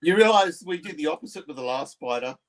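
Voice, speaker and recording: A woman's voice: low voice, lively intonation, quick pace. A woman player in a casual chat, making wry remarks.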